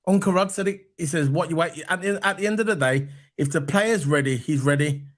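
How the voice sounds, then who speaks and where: Animated, higher-voiced man talking football. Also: fairly quick. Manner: animated, repeats his points for emphasis. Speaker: football podcast host. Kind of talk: casual fan chat.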